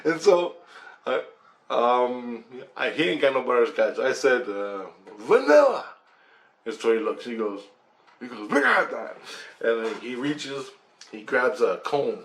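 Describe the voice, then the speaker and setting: A man from Canada telling a personal story in a casual, animated way, mimicking rotor sounds, swearing and laughing as he goes. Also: mid-range voice, measured pace. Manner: animated, imitates rotor sounds and acts out quoted voices.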